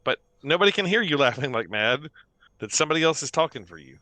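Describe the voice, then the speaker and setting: A man running a tabletop game as game master, narrating in an unhurried way with many pauses and fillers. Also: fairly high pitch, big pitch swings, pushed and bright, no echo.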